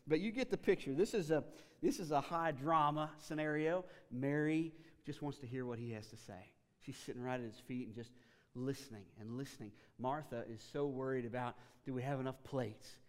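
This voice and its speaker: A man preaching a sermon as a pastor, telling the story in a casual, animated way with frequent restarts. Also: mid-range voice, a little fast, long reverb tail.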